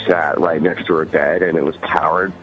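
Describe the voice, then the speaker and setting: A man's voice: rumbling low, little pitch movement, moderate pace, muffled recording. A man with a Californian accent, a guest musician chatting casually and rambling in an interview. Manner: rambling, full of "you know" and "like".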